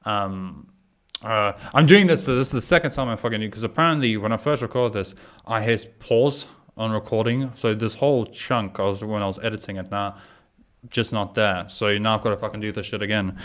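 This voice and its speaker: A man's voice: fairly low pitch, brisk, fairly bright tone. Brief: young male commentator, casual profane rant, rambling delivery. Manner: rambling, sweary, lots of fillers and restarts. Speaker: YouTube commentator.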